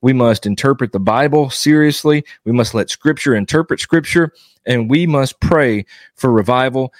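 A man's voice: medium pitch, moderate pace, dry recording, studio quality. A man giving earnest devotional teaching as a Baptist preacher, exhorting his listeners and driving points home with repetition.

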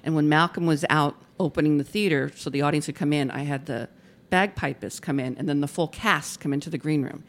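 A woman with a notably low, deep voice. She is a stage manager appearing as a guest on an interview show. She tells lively anecdotes and laughs often as she talks. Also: fairly quick. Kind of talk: casual interview storytelling.

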